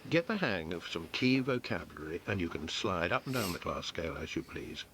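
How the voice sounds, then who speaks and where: A man's voice: low-pitched, sing-song, brisk, background noise. A man narrating a documentary with wry, dry humor. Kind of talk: scripted narration. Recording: narration over background music.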